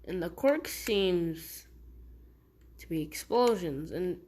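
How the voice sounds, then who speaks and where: Woman storyteller, casual fan-fiction telling; slow, rambling, self-correcting. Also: on the low side, animated, a little mellow, slight background noise.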